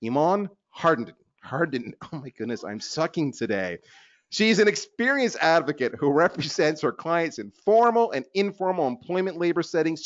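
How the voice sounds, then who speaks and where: A man hosts a business webinar. His pitch rises and falls a lot, and he talks in a lively, chatty, self-deprecating way. The sound is dull and lo-fi. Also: no echo. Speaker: webinar host.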